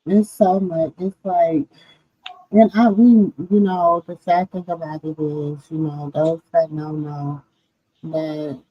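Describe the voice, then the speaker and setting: Woman host, tired, unhurried livestream chat, muffled lo-fi audio. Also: sits low, little pitch movement, dry recording. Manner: greets viewers by name, drawn-out. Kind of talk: late-night live chat. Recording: dull lo-fi stream audio.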